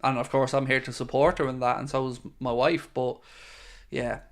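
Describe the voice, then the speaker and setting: A middle-aged man with a medium-pitched, level voice hosts a casual fan live stream at a moderate pace. He reads viewer comments aloud in a chatty, friendly manner, leaning on frequent fillers.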